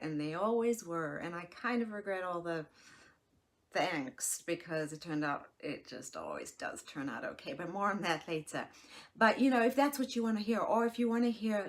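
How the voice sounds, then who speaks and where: An expressive woman in her forties talks through a solo podcast episode. Her delivery is frank and reassuring, she slips into little acted-out voices of herself and others, and she drops to soft near-whispers at times. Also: fairly low pitch, moderate pace. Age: 40s. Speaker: podcast host and life coach. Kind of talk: casual solo podcast talk.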